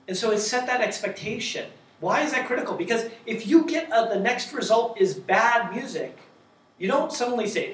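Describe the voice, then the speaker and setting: A man giving a conference talk, lively and joking, asking the audience rhetorical questions. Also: high-pitched, a little fast, reverberant, recorded from a distance. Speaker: conference speaker.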